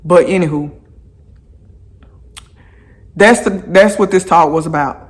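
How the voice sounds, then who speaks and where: Vlogger talking slow while walking outside, says stuff over and over, chatty asides to y'all. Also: mid-range voice. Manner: repeats phrases for emphasis, chatty asides to viewers. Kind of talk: casual walking vlog talk. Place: outdoors on a walk.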